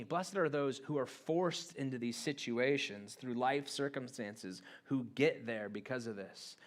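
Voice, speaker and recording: A man preaching a sermon to a church congregation. His voice sits at an ordinary middle pitch, and he talks in a loose, conversational way rather than a formal one, as if chatting with the people in front of him. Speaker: pastor. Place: church auditorium.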